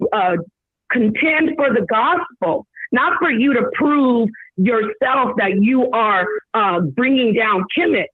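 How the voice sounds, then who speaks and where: A woman debate guest with a husky voice, indignant and lecturing. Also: fairly high pitch, dry recording. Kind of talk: heated debate. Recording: tinny phone line.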